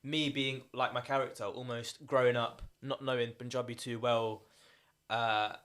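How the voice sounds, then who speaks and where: Casting note: young man, mid-pitched, animated storyteller in a relaxed podcast chat. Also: normal speed. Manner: animated storyteller acting out quoted lines. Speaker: actor guest.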